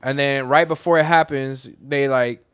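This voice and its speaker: A man co-hosting a casual podcast, relaxed and often agreeing. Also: mid-range voice, moderate pace, clear, resonant tone, no room sound, studio quality. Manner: laid-back, agreeing often. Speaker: podcast co-host.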